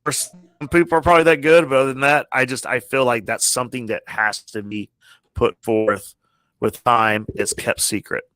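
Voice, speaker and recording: A man hosting a casual chat over a video call from his phone, halting and restarting his sentences. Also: medium pitch, steady tone, a bit bright, clear, resonant tone, dry recording. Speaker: podcast host.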